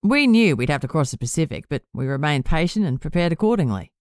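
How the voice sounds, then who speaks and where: A woman's voice: sits low, sing-song, fast, dry recording, studio quality. A woman reading as a smug male warlock. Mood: smug, patronizing. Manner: patronizing, casual and self-satisfied. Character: smug boastful Australian male warlock leader. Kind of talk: audiobook character reading.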